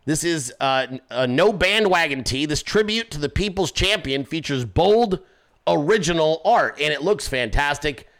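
A man's voice: fairly high pitch, animated, normal speed, fairly bright tone. A man hosting his own podcast, talking loosely and profanely, joking and swearing through his stories. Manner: acts out voices in anecdotes. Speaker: podcast host. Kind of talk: casual profane commentary.

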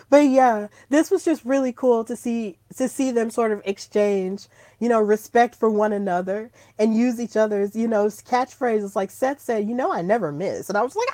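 A woman hosting her own podcast in casual solo chat, gushing and excitable, breaking into squeals when thrilled. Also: on the high side, normal speed, no echo. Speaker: podcast host.

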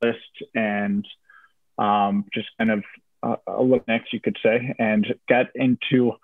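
A young man from Virginia telling a personal story in a casual interview, relaxed, with many fillers and restarts. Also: lowish voice, measured pace, creaky, no echo. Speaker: interview guest. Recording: tinny phone-like audio, dry.

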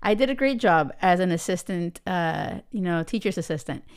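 An American podcast host in her thirties tells a personal story in a chatty way, full of fillers and tag questions like "right?" and "you know." Her voice is lowish, animated and clean-toned, at a normal speed.

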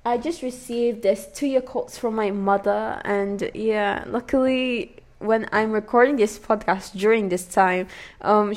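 A young woman talks on her solo podcast with a British accent that she puts on. Her pitch sits in the middle and her delivery is soft and earnest. She rambles, restarting her sentences and filling gaps with "um" and "you know.". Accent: put-on British over an American-style base. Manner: rambling, hesitant, many fillers and restarts; earnest, soft-spoken, with frequent light laughs. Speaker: podcast host. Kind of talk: casual solo podcast talk.

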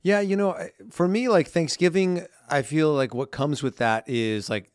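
A man's voice: on the high side, steady tone, moderate pace, clear, resonant tone, no echo, studio quality. A man in his forties co-hosting a casual podcast, chatty and storytelling, full of fillers. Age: 40s. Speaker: podcast co-host. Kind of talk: casual chat.

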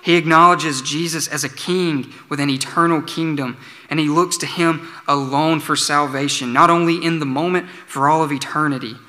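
A man preaching a sermon as pastor, earnest, slowing for emphatic pleas. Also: on the high side, fairly even intonation, bright, forceful tone. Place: church sanctuary. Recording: church sanctuary with long reverb.

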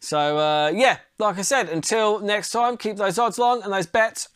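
A man's voice: sits high, a little slow, fairly bright tone, smooth, dry recording, studio quality. A man hosting a podcast in casual chat, loose and rambling, swearing and laughing often. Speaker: podcast host.

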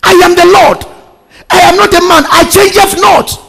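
A preacher voicing an almighty, commanding God. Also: male voice, fairly even intonation, moderate pace, gravelly, pushed and bright, in a large hall, heavily acted. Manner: booming and declaring.

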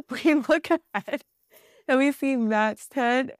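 A woman guest on a podcast, telling a trip story in a casual, animated way with fillers and bursts of laughter. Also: sits high, slow pace, no echo, studio quality. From Southern California.

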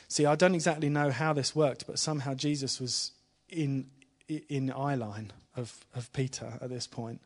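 A man of middle pitch preaches to a live church congregation in an informal, conversational way. He keeps asking the room questions and adds small laughs. When he retells a story his voice goes soft and hushed. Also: fairly even intonation, normal speed, hardly any pauses.

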